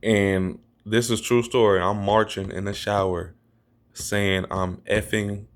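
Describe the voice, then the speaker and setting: A man casually telling viewers a true story, animated and repeating himself, acting out what others said in a raised voice. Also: lowish voice, slow. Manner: animated, acts out quotes in a raised voice.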